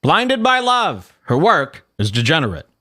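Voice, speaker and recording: A man's voice: a little high, wildly swooping pitch, a little slow, bright, forceful tone, exaggerated voice. A man reading a smug male internet troll's posts in his own plain voice, sarcastic and goading.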